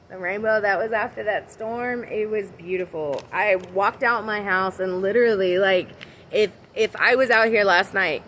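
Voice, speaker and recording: A woman with a fairly low voice, chatting her way through a livestream tarot reading from outside her house. She rambles between cards and greets her viewers by name. Faint noise sits under her phone recording. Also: a bit bright, low-quality recording. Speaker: tarot and oracle card reader. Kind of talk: casual livestream card reading.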